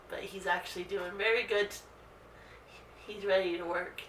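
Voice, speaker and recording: A woman dog trainer explaining training steps calmly in a casual instructional video. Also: moderate pace, distant mic, slight background noise. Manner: calm explaining, breaks into high sing-song calls to the dog. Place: indoor room. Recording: roomy echo, voice a bit off-mic.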